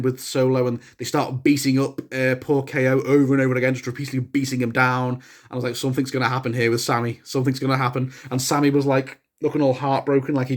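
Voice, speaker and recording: A young man giving a casual spoken review of a wrestling show, rambling with many restarts and breaking into excited shouts. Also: mid-range voice. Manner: excitable, bursts into shouts at big moments.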